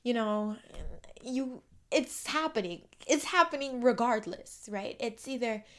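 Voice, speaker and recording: A young woman hosting a solo podcast, speaking in an earnest, affirming way, often repeating phrases and trailing off quietly. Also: a little high, unhurried. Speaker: podcast host. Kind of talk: reflective solo podcast monologue.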